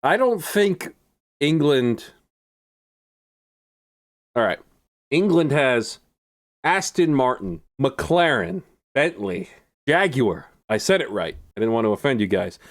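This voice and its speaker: A man's voice: mid-range voice, very animated, slow pace, pauses often. A young man commenting on a racing game, sarcastic and rambling, laughing often. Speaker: gaming YouTuber.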